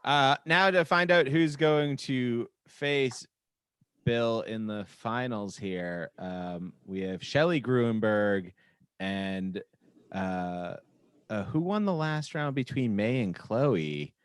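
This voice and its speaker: A man's voice: medium pitch, expressive, slow, smooth, no echo. A man hosting a comedy debate show, moderating with dry, teasing remarks. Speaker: host and moderator.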